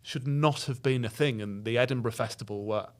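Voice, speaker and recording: A man, a comedy writer and guest, making his case in casual podcast chat, opinionated and quick to jump in. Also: mid-range voice. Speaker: comedy duo member, guest.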